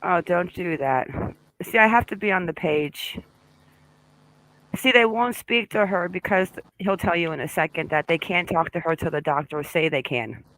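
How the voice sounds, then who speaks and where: A woman's voice: on the low side, moderate pace, fairly bright tone, rough recording. A woman hosting a casual live true-crime discussion, chatting and greeting viewers by name. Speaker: livestream host.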